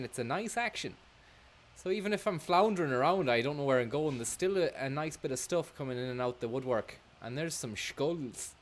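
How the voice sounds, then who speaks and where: A man giving sweary, joking live commentary while playing a game, now and then bursting into loud shouts. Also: on the high side. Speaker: gaming streamer.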